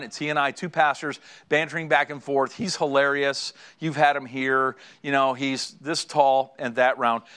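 The voice is mid-range, clean, and fairly bright. It belongs to a middle-aged pastor preaching to married couples, who tells stories, speaks directly to the congregation, and laughs at his own stories.

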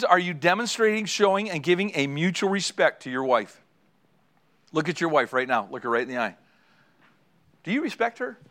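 A man's voice: a little high, fairly bright tone. A middle-aged male pastor preaching to married couples, storytelling and speaking directly to his congregation. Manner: storytelling, addresses the congregation directly, laughs at own stories.

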